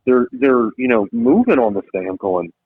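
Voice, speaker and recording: A man, a business founder and podcast guest, telling a story in lively conversation and acting out quotes in different voices. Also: mid-range voice, normal speed, no room sound. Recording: tinny phone-like line, dry.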